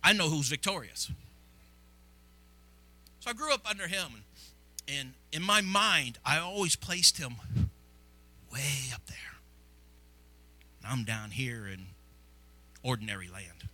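A man from Illinois preaching a sermon as pastor, fervent and repetitive, swinging from hushed confession to loud exclamations in a church sanctuary. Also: mid-range voice, sing-song, unhurried, pauses often, low-quality recording.

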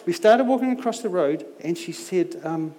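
High-voiced man preaching in an echoey hall. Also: expressive, normal speed, mellow. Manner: humorous storytelling with self-mocking asides. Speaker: visiting preacher. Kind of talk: anecdotal sermon. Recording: long echo of a large hall.

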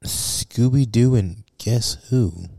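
A man's voice: mid-range voice, slow, creaky, mellow, dry recording, clean studio sound. A young man co-hosting a casual reaction chat, chatty and opinionated, laughing easily. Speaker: co-host.

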